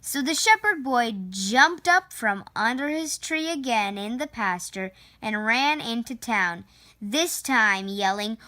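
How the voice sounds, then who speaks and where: A woman reading a children's picture book aloud, slow, clear and expressive. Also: a little high. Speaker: storyteller.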